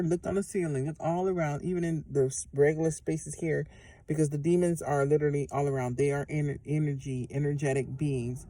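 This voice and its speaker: A woman talks through spiritual instructions in a loose, rambling vlog monologue, cursing freely and stumbling over fillers and restarts. Her voice is warm and mellow, and the sound is dry and close. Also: low voice, no room sound. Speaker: spiritual vlogger.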